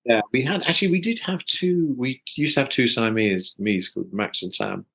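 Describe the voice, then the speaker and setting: A man's voice: mid-range voice, a little fast, creaky, fairly bright tone, breathy edge, poor audio. A man from South London, a voice actor guest, chatting thoughtfully in an interview over a video call with many small restarts. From South London, England. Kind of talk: casual interview chat.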